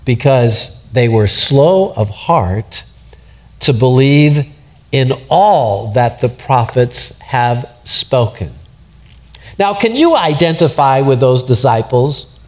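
With a slightly mellow, mid-range voice and lively intonation, a man takes his time preaching an expository sermon. He goes verse by verse in a conversational way, posing questions to the congregation and repeating words to build toward a point.

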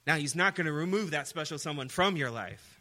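A man's voice: fairly high pitch, expressive, fairly quick, sharp tone. A man preaching a sermon in an emphatic way, often putting rhetorical questions to his listeners.

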